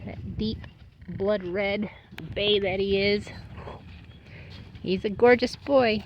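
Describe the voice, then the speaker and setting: A woman's voice: medium pitch, measured pace, dull audio, slight background noise. A woman farmer chatting casually while tending her horses outdoors, cooing at them in baby talk and scolding them now and then. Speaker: homestead farmer. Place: outdoors at a farm.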